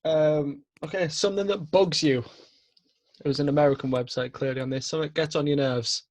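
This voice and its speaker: Young British host with a higher voice. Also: male voice, fairly quick. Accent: British English. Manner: relaxed, agreeable, laughs easily. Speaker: podcast host. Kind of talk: casual interview chat.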